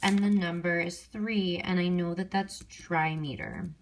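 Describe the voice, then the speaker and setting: A woman's voice: lowish voice, fairly even intonation, a little slow, a little hiss or hum. A woman teacher recording an extra help lesson on her handheld phone, thinking aloud step by step with many ums and okays.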